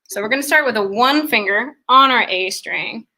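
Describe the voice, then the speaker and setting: A woman's voice: fairly high pitch, lively intonation, normal speed, bright, forceful tone. A young woman giving an online fiddle lesson, explaining ornaments step by step and counting beats aloud. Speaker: fiddle teacher. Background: fiddle playing.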